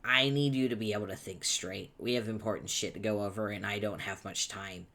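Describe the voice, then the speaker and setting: A man voicing an angry, foul-mouthed young male troll, shouting insults impatiently, reading a webcomic aloud. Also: on the low side, steady tone, brisk, gravelly. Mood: irritated.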